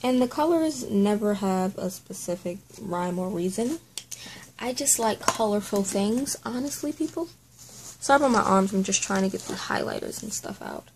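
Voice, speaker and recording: A woman's voice: mid-range voice, expressive, normal speed, a little hiss or hum, low-quality recording. A woman hosting a casual Bible study at home, chatty and apologetic, spelling out words letter by letter.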